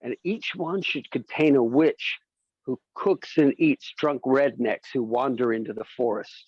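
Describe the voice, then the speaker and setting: A man's voice: medium pitch, measured pace, darkish tone, slightly rough, no echo, dull audio. A man doing a stand-up comedy set, telling stories and slipping into silly voices.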